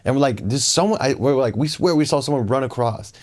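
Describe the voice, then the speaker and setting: A young man, a guest, tells a story in casual chat, acting out the quotes in an animated way and saying "like" a lot. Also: medium pitch, quick pace. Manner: animated, acts out quotes, many "like"s. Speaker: guest, long-distance skateboarder. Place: small reverberant room. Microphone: lapel mic. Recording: small echoey room with background noise.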